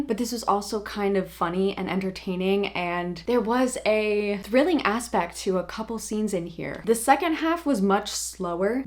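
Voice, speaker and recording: A young woman in her twenties, a book vlogger giving a casual, emotional reading wrap-up with casual swearing. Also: mid-range voice. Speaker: book reviewer.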